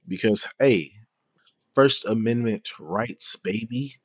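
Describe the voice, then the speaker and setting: A man's voice: fairly low pitch, unhurried, no room sound. A man streaming a reaction, answering a clip with blunt, profane and mocking commentary.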